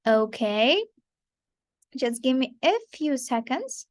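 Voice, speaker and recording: Female pronunciation teacher, slightly high pitch, keeps checking in with her class, recorded dry and close. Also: animated, slow pace, dry recording. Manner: repetitive, checks in often with "okay" and "right". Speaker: English teacher. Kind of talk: online pronunciation lesson.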